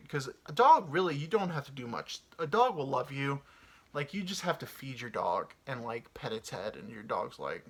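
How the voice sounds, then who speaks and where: A man's voice: mid-range voice, fairly bright tone. A young man rambling through a casual comedic monologue as host, acting out the voices of pets and people. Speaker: podcast host.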